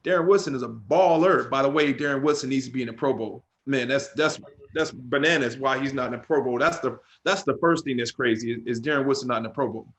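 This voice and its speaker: A man's voice: mid-range voice, quick pace, few pauses. Middle-aged man telling stories casually. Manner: loose storytelling, peppered with "man" and "bro". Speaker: guest, former pro football player. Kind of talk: casual podcast interview.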